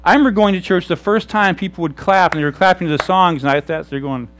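A middle-aged man, a pastor, preaching an animated sermon on a lapel mic. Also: high voice, fast talker, faint music behind. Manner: animated, shouts examples.

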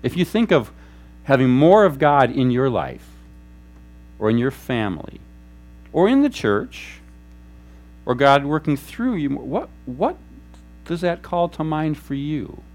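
A man preaching a sermon as a pastor, telling stories in an animated way and acting out quoted voices. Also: mid-range voice, measured pace, pauses often. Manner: animated storytelling, acts out quotes. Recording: faint mains hum.

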